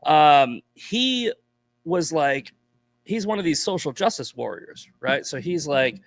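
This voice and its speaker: A man's voice: on the high side, lively intonation, takes it slowly, dry recording. Blunt, profane man on a podcast. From Boston, USA. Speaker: podcast guest, commentator. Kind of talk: casual podcast chat.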